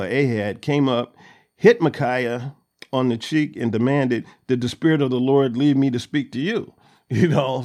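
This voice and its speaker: A man's voice: mid-range voice, darkish tone. A man reading Bible verses aloud and retelling them in casual everyday words, with frequent fillers and chuckles. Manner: reads scripture then paraphrases it in casual words, chuckling often. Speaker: Bible study teacher.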